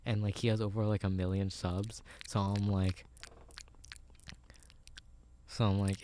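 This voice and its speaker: A man's voice: fairly low pitch, level tone, unhurried, pauses often, background noise. A young man co-hosting a podcast in whispered role-play, rambling and laughing at the idea. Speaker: podcast co-host.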